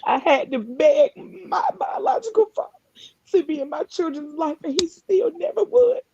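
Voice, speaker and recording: A woman sharing a personal story over a live stream call, talking earnestly and haltingly, often restarting her sentences. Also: high-pitched, expressive, dark tone, dull audio. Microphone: live video call.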